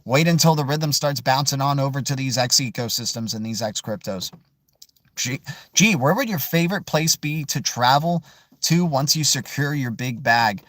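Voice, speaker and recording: A man hosting a casual crypto livestream, answering viewer questions in an animated, emphatic way and tossing in "dude" and "man". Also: medium pitch, normal speed, dry recording. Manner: animated, peppers speech with "right?", "dude" and "man"; emphatic, swears mildly for emphasis.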